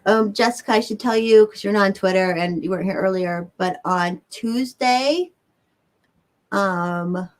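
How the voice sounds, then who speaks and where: A woman's voice: medium pitch, unhurried. Chatty Southern American woman streaming. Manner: rambling, chatty, swears casually. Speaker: livestream host. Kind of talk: casual chat answering viewers.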